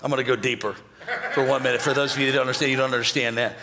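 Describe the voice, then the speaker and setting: A man preaching a sermon as pastor, joking with the congregation and bursting into shouts and mock voices. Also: medium pitch, fairly even intonation, rapid-fire, background noise. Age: older.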